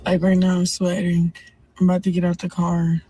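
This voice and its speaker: A woman's voice: on the low side, monotone, fairly quick, warm tone, slight background noise, rough recording. A young woman boxer talking to camera from inside a car before a fight, rambling and earnest, repeating her words. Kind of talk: personal vlog monologue.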